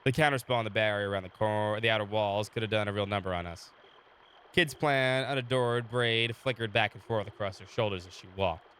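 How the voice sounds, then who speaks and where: A man's voice: fairly low pitch, a little fast, fairly bright tone, a little hiss or hum. A man with a sore throat chatting casually on a live game stream and reading the game's story text aloud. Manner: chatty, talks to chat between readings, laughs often. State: sore throat, recovering from illness.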